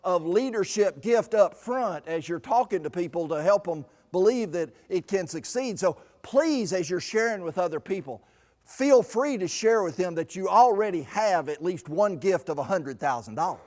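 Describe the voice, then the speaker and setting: Lively man lecturing in a reverberant hall. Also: high-pitched, moderate pace. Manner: lively storyteller acting out quoted people. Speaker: stewardship seminar presenter. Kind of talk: seminar lecture with anecdotes.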